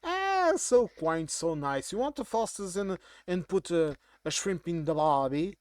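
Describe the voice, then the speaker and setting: Guy putting on a sneery slangy aussie bloke, pitched way up. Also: sing-song, a little slow, dry recording, studio quality. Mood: mocking. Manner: exaggerated jeering caricature. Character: mocking Australian man, slangy and sneering.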